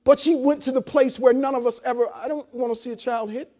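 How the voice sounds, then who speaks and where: Male pastor with a very high voice, preaching in a loose, chatty sermon style with blunt jokes and call-and-response. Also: fairly even intonation, quick pace, dark tone. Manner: conversational preaching with frequent repeats and call-and-response; blunt, joking asides to the congregation. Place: church service held in a hotel venue.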